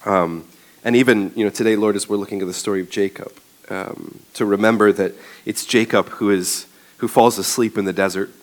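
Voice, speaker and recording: A man's voice: fairly low pitch, fairly even intonation, fairly quick. A male pastor preaching a sermon in a conversational way, with frequent ums and uhs.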